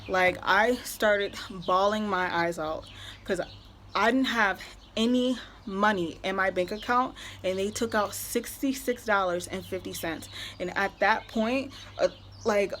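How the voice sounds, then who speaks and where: In a casual rant, this young vlogger recounts a story with exasperation, peppering it with filler and saying "like" constantly. She has a medium pitch that's a bit bright, and there's a little hiss or hum on the recording.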